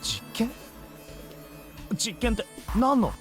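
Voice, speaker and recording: A man voice acting a brash young male protagonist in a game, a little husky, blurting out quick questions. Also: extremely high pitch, lively intonation, soft background music. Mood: alarmed.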